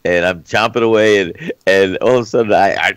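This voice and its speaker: A man's voice: lowish voice, brisk, smooth, no echo, clean studio sound. A man co-hosting a talk show, telling a rambling anecdote with lots of stammered restarts. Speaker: co-host. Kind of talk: casual talk-show banter.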